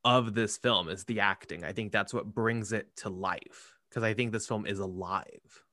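Male film host, low pitch with a forceful bright tone, dry close recording. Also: steady tone, normal speed, dry recording. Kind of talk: casual film discussion.

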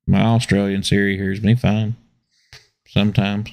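A man's voice: lowish voice, little pitch movement, a little slow, darkish tone. A man, a podcast guest joking crudely in casual chat.

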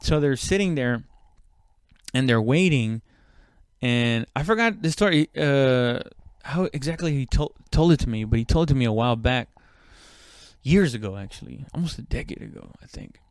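A man's voice: mid-range voice, expressive, moderate pace, smooth, dry recording, studio quality. A man telling a story casually, rambling with lots of restarts, swearing freely and acting out quoted speech. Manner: rambling, many fillers and restarts, profane; acts out quoted speech loudly.

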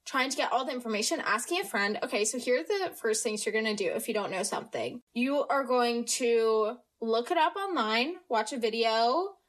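A woman's voice: a little high, animated, moderate pace, hardly any pauses. A teenage American girl hosting a podcast, chatting casually about school with plenty of fillers and self-mocking asides. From United States. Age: teens. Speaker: podcast host. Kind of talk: casual solo podcast chat.

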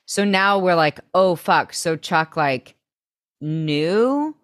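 A woman's voice: lowish voice, expressive, drawn-out words, dry recording, studio quality. A young woman co-hosting a podcast, retelling TV scenes with blunt comments and swearing. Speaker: podcast co-host. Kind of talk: casual recap chat.

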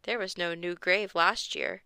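A woman's voice: lowish voice, steady tone, measured pace, creaky, pushed and bright, smooth, no room sound, clean studio sound, full character voice. A woman doing a level-headed young boy.

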